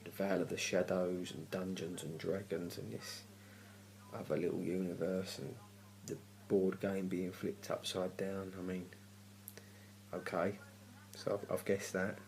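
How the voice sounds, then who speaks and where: A man's voice: low voice, level tone, measured pace, vocal fry, a little mellow. A man giving a casual, grumpy TV review, ranting and swearing in exasperation. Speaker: TV review vlogger. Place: home at night.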